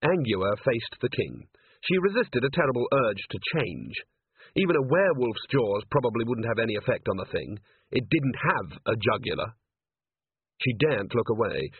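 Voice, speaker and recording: A man narrating an audiobook in a lively, expressive manner. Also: medium pitch, moderate pace, slightly rough, no room sound. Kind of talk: audiobook reading. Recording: tinny phone-like sound, dry.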